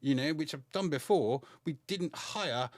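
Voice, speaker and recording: Man, football podcast co-host, measured and blunt, dry close sound. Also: a little high, no room sound. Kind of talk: casual football chat.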